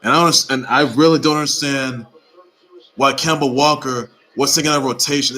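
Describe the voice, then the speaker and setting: A man with a bright, forceful voice runs through the day's sports news in a loose, unscripted way. He circles back on his own phrases and pushes hard on his points with emphatic exhortations. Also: medium pitch, fairly even intonation, moderate pace, rough recording. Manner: rambling and repetitive, with emphatic exhortations. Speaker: sports report host. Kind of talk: casual sports news commentary.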